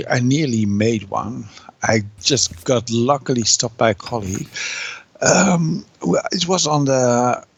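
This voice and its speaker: A man from the Netherlands with a Dutch accent, a guest nurse speaking earnestly in careful, halting English. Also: medium pitch, no echo. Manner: earnest, halting phrasing with restarts. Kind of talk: conversational interview.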